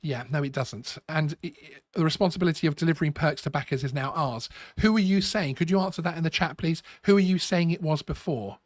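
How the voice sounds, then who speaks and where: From a home studio, a man hosts a live stream with halting, casual talk, restarting often and repeating words with a sarcastic edge. His voice is a little high, and the recording is dry.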